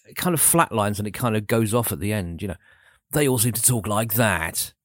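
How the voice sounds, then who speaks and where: A man in his forties presenting a late-night radio show in a low-key, rambling, self-deprecating way. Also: expressive, fairly quick, fairly bright tone, no room sound, studio quality. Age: 40s. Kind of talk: laid-back radio presenting. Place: radio studio. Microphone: studio microphone.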